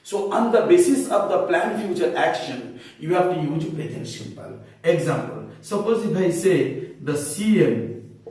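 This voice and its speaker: Male grammar teacher, fairly high voice, repeats key points; distant mic in an echoey room. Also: lively intonation, moderate pace, hardly any pauses, a little mellow. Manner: explanatory, repeats key phrases. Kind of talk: classroom grammar lesson.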